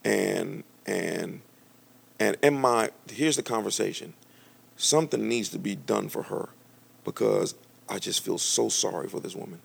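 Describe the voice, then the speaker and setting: A man preaching a storytelling sermon to a congregation, animated and conversational, often restarting his sentences. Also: fairly low pitch, unhurried, gravelly, slightly rough. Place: church with a live congregation.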